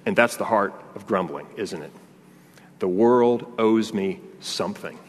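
A man's voice: on the low side, measured pace, a little hiss or hum. Male pastor preaching in a reverberant hall. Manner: conversational preaching with repetitions and restarts. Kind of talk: sermon. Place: church sanctuary. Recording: long reverb of a large hall.

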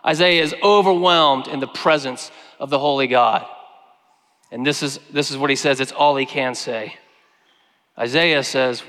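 A man preaching a sermon, earnest, slowing down and growing quiet when he quotes scripture. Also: mid-range voice. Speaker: pastor. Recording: long hall reverb.

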